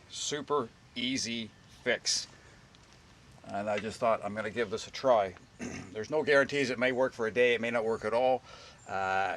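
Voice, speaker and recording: Low-voiced folksy man fixing his car. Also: fairly bright tone, a little hiss or hum. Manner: rambling, folksy and self-deprecating. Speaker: DIY car repair vlogger. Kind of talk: casual how-to talk while working. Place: outdoors beside a jacked-up car.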